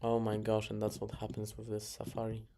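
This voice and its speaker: A man's voice: fairly low pitch, completely flat delivery, fairly quick, dark tone. A man casually reviewing his own chess games, muttering moves, correcting himself and chuckling along the way. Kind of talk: casual game review commentary. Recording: clear background noise.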